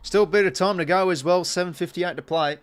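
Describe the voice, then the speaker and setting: A man's voice: sits high, fast talker, clear, resonant tone. An Australian man giving casual live play-by-play commentary on a stream, chatting to viewers between calls.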